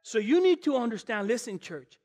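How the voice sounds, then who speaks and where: A man preaching an animated sermon as guest pastor, telling stories and talking directly to the congregation. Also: extremely high pitch, fairly quick, in a large hall. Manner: storytelling, acts out voices, addresses the congregation. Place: church.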